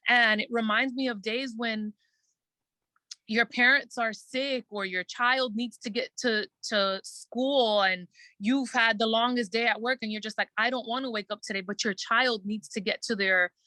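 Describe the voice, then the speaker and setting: A woman guest in a casual interview, telling her story earnestly and quickly, acting out her own thoughts and using many "like" fillers. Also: fairly high pitch, steady tone, sharp tone, no room sound. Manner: earnest, fast storytelling with quoted self-talk and many "like" fillers. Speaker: guest entertainer.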